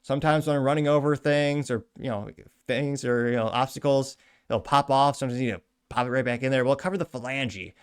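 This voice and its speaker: A man's voice: medium pitch, steady tone, clear, resonant tone. A man hosting a show, reading out a news article and adding wry, chatty asides in casual commentary. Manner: wry, chatty, quick asides and self-corrections. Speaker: show host.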